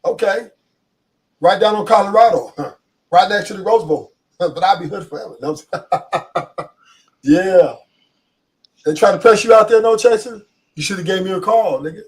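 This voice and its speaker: A man's voice: high-pitched, moderate pace, long pauses, distant mic. A man with a Los Angeles accent, a podcast guest talking casually in a streetwise, emphatic way and often repeating himself.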